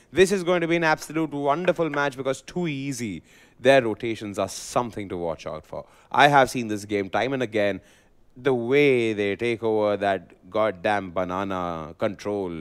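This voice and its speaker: A man casting esports live, playful and excitable, teasing his co-caster. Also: medium pitch, smooth.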